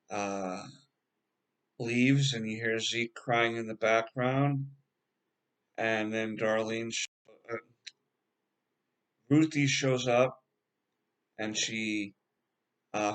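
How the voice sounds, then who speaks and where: Slow, rambling male TV reviewer. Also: mid-range voice, fairly bright tone. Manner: rambling, halting, with frequent filler words. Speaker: TV show reviewer. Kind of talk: casual episode recap.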